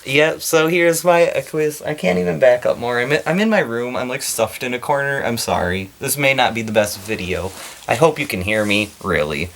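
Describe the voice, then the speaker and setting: A man vlogging about his cosplay from a corner of his small bedroom, excitable and giggly, with a slight lisp. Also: mid-range voice, moderate pace. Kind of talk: casual vlog.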